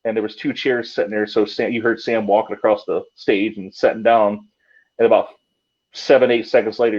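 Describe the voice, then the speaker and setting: A man's voice: mid-range voice, steady tone, fast. A man, a paranormal investigator, telling a story casually, with many fillers and restarts. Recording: dull lo-fi sound.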